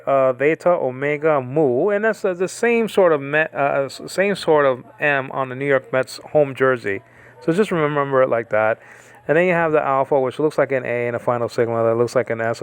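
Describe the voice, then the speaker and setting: Rambling male Greek teacher, casual online lesson, smooth clear tone, dry close recording. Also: mid-range voice, no echo. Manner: rambling, digressive, many restarts.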